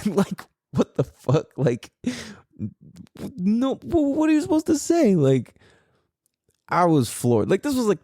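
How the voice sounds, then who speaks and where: A man's voice: medium pitch, mellow, no room sound, studio quality. A man in his forties, hosting a podcast, telling a story in a casual, profane way and laughing often. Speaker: podcast host.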